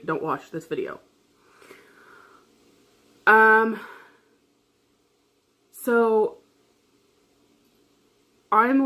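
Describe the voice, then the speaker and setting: A woman's voice: mid-range voice, fairly bright tone. A woman vlogger telling a personal story in casual chat, rambling, swearing freely and laughing often.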